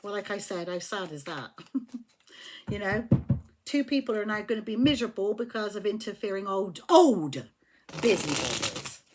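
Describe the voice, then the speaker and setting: A woman's voice: medium pitch, animated, moderate pace, very noisy. Blunt, emphatic woman reading tarot. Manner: blunt, emphatic, swears when riled. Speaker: tarot reader.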